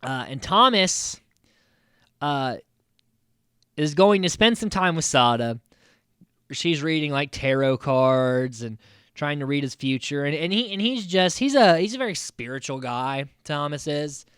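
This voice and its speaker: Lively American man recapping, bright and crisp. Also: a little high, measured pace, no echo, clean studio sound. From United States. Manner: animated, acts out quotes from the cast; swears casually, frequent fillers. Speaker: podcast host. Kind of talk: casual recap commentary.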